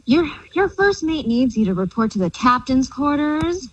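A woman's voice: sits high, very animated, normal speed, recorded from a distance, muffled recording, crowd noise. Woman putting on a bossy pirate captain, growling "arr". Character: bold flirty female pirate captain. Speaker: caller. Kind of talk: prank phone call role-play.

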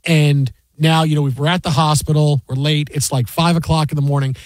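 A man's voice: on the high side, a little fast, dry recording. A man hosting casual sports talk radio, telling stories animatedly and acting out quotes. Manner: animated storyteller, acts out quotes loudly.

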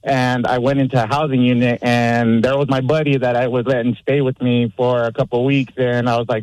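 A man's voice: mid-range voice, flat delivery, fairly quick, a little mellow, no echo, poor audio. A man calling in to a radio show who tells a story in an easygoing way. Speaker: caller. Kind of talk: phone-in storytelling.

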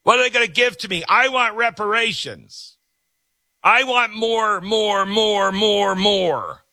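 A man doing a shrill whiny entitled guy. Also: fairly quick, bright, forceful tone, exaggerated voice. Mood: whiny greedy. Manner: shrill, greedy, repeating demands.

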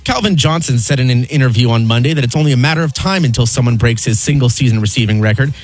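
A man's voice: mid-range voice, fast talker, music in the background. A male co-host reads sports news items and puts questions to the host, chuckling between them. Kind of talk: reading headlines and posing questions.

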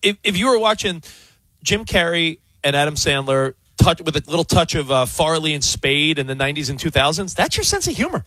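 A man co-hosting a sports radio show from a studio, excitable and quick to laugh. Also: fairly high pitch, dry recording. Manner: excitable, animated, laughs a lot. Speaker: radio co-host.

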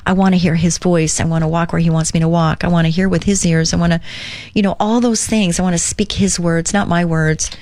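A woman hosts her own talk show, slipping between reading a devotional slowly and chatting about her mornings. Her voice sits low, warm and encouraging. The sound is dry and close. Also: steady tone, no echo. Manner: earnest, encouraging, reads slowly. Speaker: radio show host.

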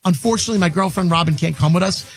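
High-voiced man, halting casual chat. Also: creaky, faint music behind. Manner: halting, repeats words, talks about family. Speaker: radio show regular.

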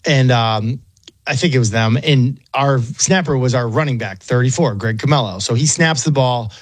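A middle-aged man, a former pro quarterback, chatting and telling stories as a podcast guest, self-deprecating and lively. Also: medium pitch, normal speed, no room sound. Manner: chatty, self-deprecating, quotes people in put-on voices. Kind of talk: casual storytelling interview.

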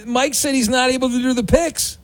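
A man hosting a sports radio show, chatting casually and teasing his callers. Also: extremely high pitch. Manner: animated, talkative, quick to tease callers.

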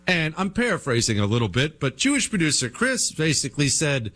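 A male talk show host with a slightly raised pitch, running a political monologue. He is combative and sarcastic, and he drives his points home by repeating them. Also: very animated, brisk, fairly bright tone. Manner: combative and sarcastic, emphatic repetition.

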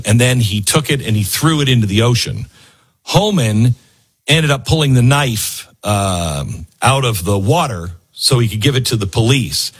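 Husky man in sarcastic news commentary. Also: mid-range voice. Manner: sarcastic, acts out quoted people.

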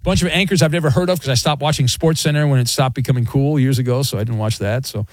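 A man's voice: mid-range voice, fast talker, a little mellow, dry recording. A man hosting a casual sports talk radio show, ribbing callers and cohosts.

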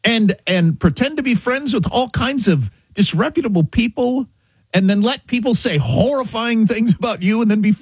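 A man's voice: extremely high pitch, moderate pace, husky, no echo, clean studio sound. A man co-hosting a talk radio show, chatting wryly. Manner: animated, chatty, wry. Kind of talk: casual talk radio banter.

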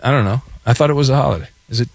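A man's voice: medium pitch, racing, gravelly, dry recording. A man hosting a call-in sports radio show, wisecracking and sarcastic with callers. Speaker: radio sports talk host. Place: radio studio.

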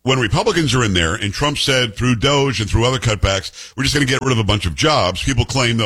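A man's voice: mid-range voice, expressive, fast, few pauses, fairly bright tone, husky. A middle-aged man with a New York Italian-American accent, giving blunt, sarcastic political commentary as host. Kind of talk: opinionated commentary.

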